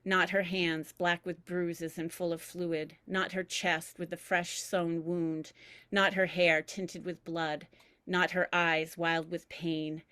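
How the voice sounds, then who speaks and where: Slow, reflective woman reading her memoir. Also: on the low side, little pitch movement, sharp tone, clear, resonant tone, no echo. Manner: measured, reflective, deliberate pauses. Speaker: memoir reader. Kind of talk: reading a personal memoir aloud.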